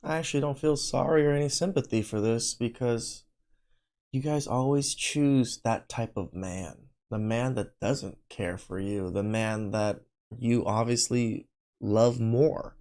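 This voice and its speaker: A man's voice: mid-range voice, unhurried, a little mellow. A man giving blunt, unsympathetic reaction commentary.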